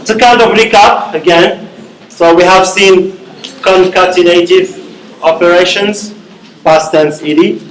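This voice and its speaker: Male lecturer, high voice, slow deliberate delivery, recorded in a roomy hall. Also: steady tone, slight background noise. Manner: repeats "okay?" to check understanding, slow and deliberate. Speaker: university lecturer. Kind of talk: classroom lecture. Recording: echoey classroom.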